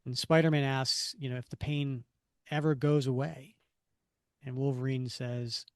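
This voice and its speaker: A man co-hosts a casual podcast and walks through a comic book story at an unhurried pace. His voice sits close and dry, with no room sound around it. He drops his voice low when he quotes the characters. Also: level tone, smooth, no echo. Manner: retells the story with quoted lines in a lowered voice. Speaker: podcast co-host.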